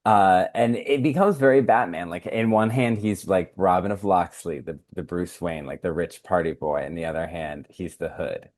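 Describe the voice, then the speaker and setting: Podcast co-host, male, very low voice, loose filler-heavy recap delivery. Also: moderate pace, hardly any pauses, a little mellow, no room sound, clean studio sound. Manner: rambling recap with many fillers. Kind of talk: casual podcast chat.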